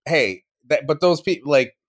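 A man's voice: a little high, expressive, normal speed. A man co-hosting a podcast, talking bluntly and casually with plenty of swearing and restarts. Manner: blunt, profane, rambling with restarts. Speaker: podcast co-host. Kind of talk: casual chat.

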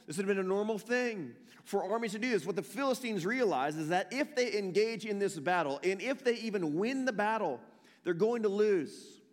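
A male pastor with a high voice preaches a sermon, retelling a story and hammering points home by repeating them. His voice carries a long reverb from the hall around him. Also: lively intonation, normal speed. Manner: emphatic storytelling, repeats phrases for emphasis.

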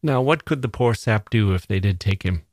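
A man reading the part of a calm, tolerant young soldier who speaks softly and easily. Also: fairly low pitch, moderate pace, no echo, studio quality. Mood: easygoing. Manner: soft-spoken, easygoing.

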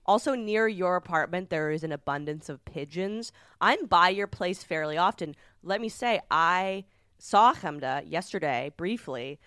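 A woman co-hosting a casual podcast chat, telling stories with animated swearing and loud quoted outbursts. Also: fairly low pitch, measured pace, no room sound, clean studio sound. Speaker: podcast co-host. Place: recording space in New York.

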